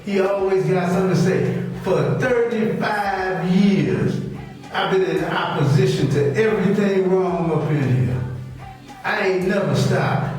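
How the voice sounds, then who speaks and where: Middle-aged guy scolding the priesthood, high voice, far from the mic in a very echoey room w faint music. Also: a little mellow. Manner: scolding, repetitive, confrontational, dialect speech. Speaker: preacher. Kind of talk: fiery sermon rebuke.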